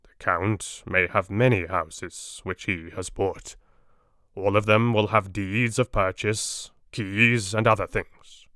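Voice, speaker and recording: A man reading a wise, earnest elderly Dutch professor in an audiobook, speaking in broken, measured English. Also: fairly low pitch, steady tone, bright, forceful tone, no echo, studio quality. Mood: urging. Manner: broken, foreign-sounding English phrasing, grave and measured.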